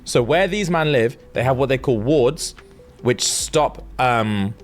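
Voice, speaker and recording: A young man, casually retelling a book's plot on a podcast in animated, slangy talk. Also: mid-range voice, slow pace, soft background music. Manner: slangy, animated, acts out characters. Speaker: podcast co-host.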